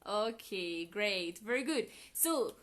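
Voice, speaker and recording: A woman's voice: mid-range voice, expressive, slow, a bit bright. A woman with an American accent hosting a live online English class, chatty, laughing often and asking the viewers questions.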